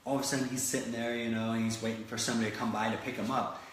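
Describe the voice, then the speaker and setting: A man's voice: mid-range voice, fast talker, slight background noise. Echoey motivational speaker, man. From Florida. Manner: animated storytelling with many restarts. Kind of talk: motivational talk. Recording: very echoey room.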